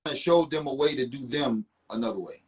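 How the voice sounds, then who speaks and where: A man's voice: medium pitch, a little fast, husky. A man guesting on a casual hip-hop podcast who talks emphatically and often repeats himself mid-thought.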